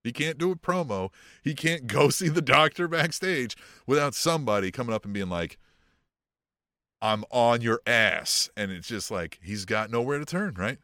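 Excitable swearing male podcast co-host. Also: a little fast, dry recording, clean studio sound. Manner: excitable, swears a lot, acts out quotes in a higher voice. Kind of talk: casual wrestling chat.

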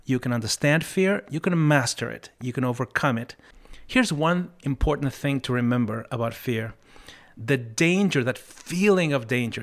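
A man hosting a motivational podcast who talks through life lessons in an earnest, reflective way. He tells stories casually, often restarts a phrase and slows down to stress key points. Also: medium pitch. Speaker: podcast host.

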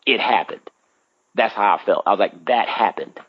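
A man's voice: fairly low pitch, normal speed, slightly rough, no room sound, dull audio. A man in his thirties chatting casually, telling a story and acting out his own reactions with big jumps in voice. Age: 30s.

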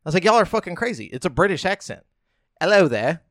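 A man's voice: high voice, sing-song, very fast, no room sound, clean studio sound. A man hosting a casual gaming podcast, running through the show intro with upbeat energy and joking, profane banter. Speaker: podcast host.

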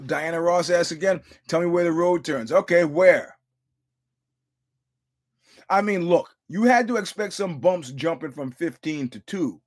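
Storytelling man with a raised voice. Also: a little high. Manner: storytelling, profane, acts out quotes; repeats words and restarts, chuckles often. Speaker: podcast host. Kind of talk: casual fight commentary.

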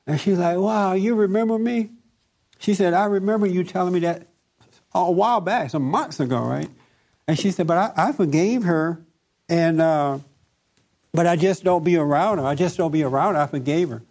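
A man leading a group talk, telling a story in a lively way and laughing often. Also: on the high side, normal speed. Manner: animated, laughs often, acts out other voices. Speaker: discussion group leader.

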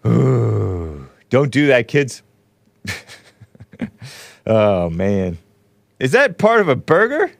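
A man's voice: mid-range voice, huge pitch swings, extremely slow, gravelly, pauses often, no echo. A man in his forties hosting a show, giving casual, wry commentary on news clips with sarcastic asides. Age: 40s. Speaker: host.

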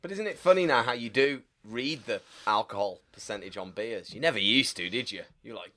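A man's voice: mid-range voice, animated, brisk, hardly any pauses, bright, forceful tone, no echo. A man chatting casually as a podcast guest, easygoing and laughing often. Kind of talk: casual chat.

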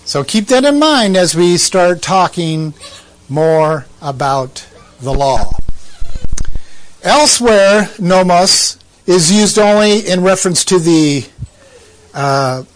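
A man's voice: high-pitched, lively intonation, slow. A man giving conversational Bible teaching, asking rhetorical questions and making asides to his listeners.

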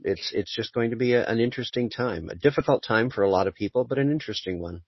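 A man who is a voice actor, a guest in a casual interview, speaking in an articulate, measured way. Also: medium pitch, breathy edge, no room sound, dull audio.

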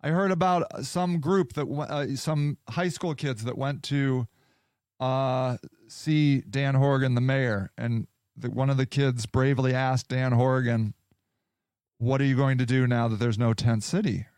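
His mid-range voice is darkish and fairly even in intonation, moving at a measured pace, recorded at studio quality without echo. As a podcast host, he rants casually about a story, sarcastic and angry, with plenty of swearing.

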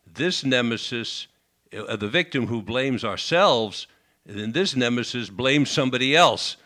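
Bright-voiced male radio host. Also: medium pitch, animated, unhurried. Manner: summarizes and checks back with the guest. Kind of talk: radio interview.

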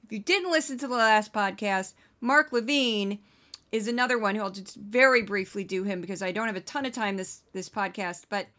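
A woman's voice: mid-range voice, pushed and bright. A woman hosting a podcast, giving casual sarcastic commentary between news clips. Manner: sarcastic, quick asides. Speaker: podcast host.

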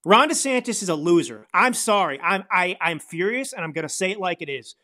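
A man's voice: sits high, animated, fairly quick, pushed and bright. A man hosting a political commentary podcast, ranting in a heated, indignant way. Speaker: podcast host.

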